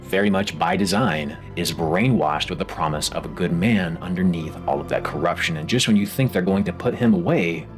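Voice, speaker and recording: A man narrating a scripted video essay, expressive and rising for emphasis, with a music bed under his voice. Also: sits low, moderate pace, few pauses.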